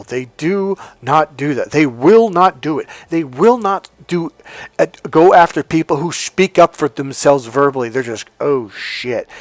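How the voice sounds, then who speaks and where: A middle-aged man giving an emphatic, profane motivational talk as a relationship coach. He swings between loud commands and quiet asides. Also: medium pitch, dry recording.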